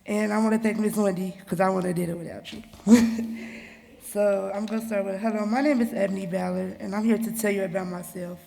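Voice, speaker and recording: A woman's voice: mid-range voice, steady tone, fast talker, creaky, hardly any pauses, warm tone. A woman in her twenties giving a personal speech at an event, casual and direct. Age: 20s. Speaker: speaker sharing her story. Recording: reverberant hall.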